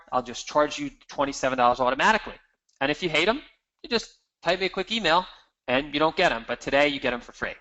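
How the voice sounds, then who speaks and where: A man giving an energetic, emphatic marketing seminar, walking the audience through slides. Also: fairly high pitch, muffled recording. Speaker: marketing presenter.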